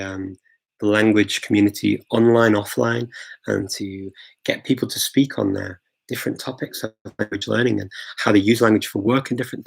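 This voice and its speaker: A man's voice: on the low side, vocal fry, slightly rough, poor audio. A man from England hosting a live Q&A, chatting casually and enthusiastically, full of ums and restarts. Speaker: host of a live Q&A. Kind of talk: casual livestream chat answering viewer questions.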